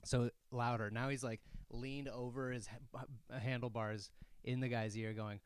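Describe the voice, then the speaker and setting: A man co-hosting a comedy podcast, telling stories in a casual, animated way and shouting out bits of them. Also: medium pitch, moderate pace, clear, resonant tone, dry recording. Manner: animated, shouts when acting out a story.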